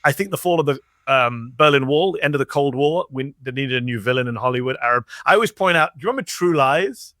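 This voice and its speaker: A man's voice: mid-range voice, lively intonation, quick pace, hardly any pauses, bright, forceful tone, no room sound, studio quality. A man hosting an interview chat, eagerly stacking up references and questions. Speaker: show host.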